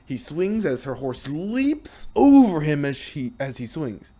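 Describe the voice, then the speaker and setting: A young man casually narrating the story of a video game, with restarts and a lively manner. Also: fairly high pitch, slow pace. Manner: lively, hesitant retelling with restarts.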